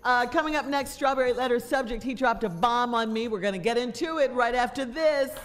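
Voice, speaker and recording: A woman's voice: fairly high pitch, brisk. A woman radio co-host reading a listener's advice letter aloud, laughing easily.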